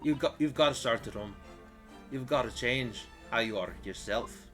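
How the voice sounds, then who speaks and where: A man's voice: mid-range voice, moderate pace, over music, natural voice. A man voicing a tough young street girl from the slums in an attempted Scottish accent, talking bluntly with streetwise slang, in a game playthrough. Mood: earnest. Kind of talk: video game voice-over playthrough.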